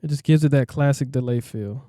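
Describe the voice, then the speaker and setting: A man's voice: mid-range voice, fairly quick, dark tone, no echo, studio quality. A man, a music producer, walking through a plugin in a laid-back, rambling way, often asking "you know what I mean". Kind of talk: casual tutorial walkthrough.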